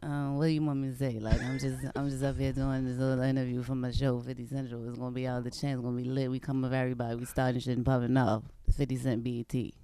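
Guy doing a deep, dark-toned rapper impression, flat delivery, quick promo patter. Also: clean tone, lightly acted. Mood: laid-back. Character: impression of a famous male rapper, laid-back hype.

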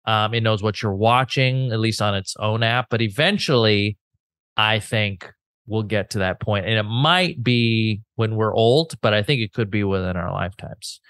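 A man with a lowish voice talks easily on a podcast, working through ideas out loud with fillers. The sound is dry, with no room echo. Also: normal speed, clean tone. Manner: easygoing, thinking aloud with fillers. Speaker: podcast co-host. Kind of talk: casual podcast chat.

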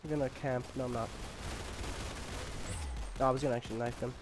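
A young man casually commenting on his gameplay, rambling with lots of fillers and jokes, and sometimes yelling when excited. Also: medium pitch, quick pace, noisy background. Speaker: gamer.

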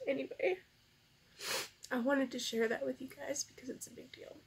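A woman's voice: sits high, vocal fry, slightly rough. A woman tarot reader in a casual vlog, emotional and teary, sighing and laughing as she rambles gratefully. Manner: soft, rambling, many fillers. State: tearful.

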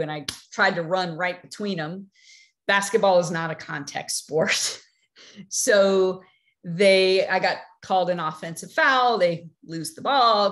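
Lively woman telling a motivational story. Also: fairly low pitch. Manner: animated storyteller with frequent fillers, acting out quoted voices. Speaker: speaker telling a personal story.

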